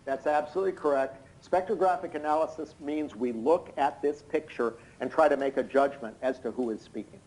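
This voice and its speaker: A hoarse, tired man giving expert courtroom testimony over a video call, explaining in an unnaturally loud voice with many hesitant fillers. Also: on the high side, a little fast, few pauses, poor audio. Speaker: expert witness. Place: indoors in London at night.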